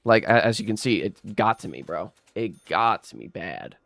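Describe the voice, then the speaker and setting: A man's voice: fairly low pitch, sing-song, moderate pace, gravelly, a bit bright, no room sound. A young man telling a rambling, aggrieved storytime rant while gaming, swearing and restarting his sentences often. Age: young adult. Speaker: gaming vlogger.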